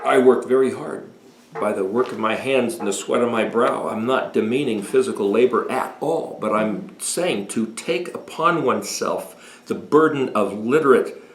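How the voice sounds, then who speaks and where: A man in his sixties giving a deliberate, emphatic talk explaining Hebrew words as a home Bible teacher. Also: medium pitch. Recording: echoey room.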